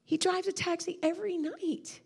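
A woman's voice: very high voice, fairly even intonation, moderate pace, creaky, darkish tone. A woman preaching a sermon, telling a personal testimony with heartfelt emotion. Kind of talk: storytelling sermon.

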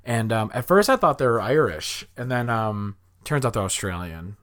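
A man's voice: medium pitch, expressive, moderate pace, a bit bright. A young man from Chicago, hosting a podcast and telling a rambling story with many fillers and restarts. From Chicago, USA. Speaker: podcast host. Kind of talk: casual storytelling chat.

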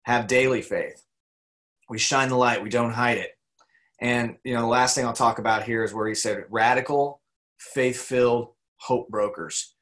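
A man's voice: medium pitch, steady tone, moderate pace, a bit bright. A man co-hosting a casual faith talk, speaking earnestly and repeating words for emphasis. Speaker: faith discussion co-host.

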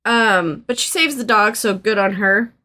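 A woman's voice: mid-range voice, a little slow, pushed and bright. A woman co-hosting a podcast, recapping a movie in casual, earnest chat full of "like" and "um". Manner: chatty, sprinkled with "like" and "um"; earnest and sentimental. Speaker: podcast co-host.

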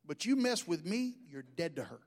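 A man's voice: fairly high pitch, very animated, normal speed, darkish tone. A middle-aged man, preaching a sermon in a folksy, joking storytelling way. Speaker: pastor.

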